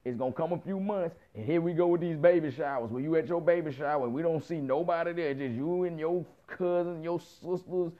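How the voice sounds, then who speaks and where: A man in his thirties tells a story as a casual rant, his voice on the high side, fairly quick, with hardly any pauses. He's profane and animated, piling on slang and acting out quoted dialogue. The recording is muffled and lo-fi.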